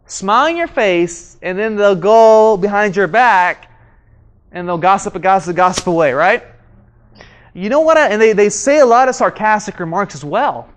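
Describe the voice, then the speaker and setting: A communication trainer leads a live workshop in a training room with an audience, asking questions of the room and repeating his key points. His voice sits high, with lively intonation and a normal speed.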